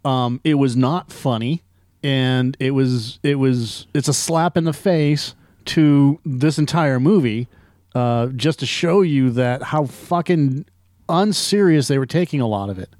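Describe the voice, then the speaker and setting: A man's voice: medium pitch, measured pace, a little mellow, dry recording, studio quality. A man co-hosting a movie review talk, blunt and profane, acting out mocking bits of dialogue. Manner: blunt, swears often, acts out mocking quotes. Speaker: movie review podcast co-host. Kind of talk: casual profane banter.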